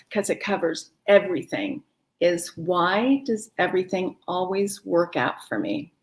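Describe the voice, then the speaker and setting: A woman with a mid-pitched voice guides a live online wellness class. She speaks in a warm, encouraging, chatty way and laughs easily. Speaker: wellness teacher. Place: home, no kids in the house.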